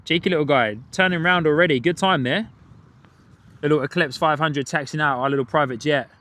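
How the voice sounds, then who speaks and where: Outdoors near a runway, a man hosts a live plane-spotting stream in a fairly high, bright, forceful voice, speaking briskly. He's chatty, reads out viewer comments, and greets people in chat by name.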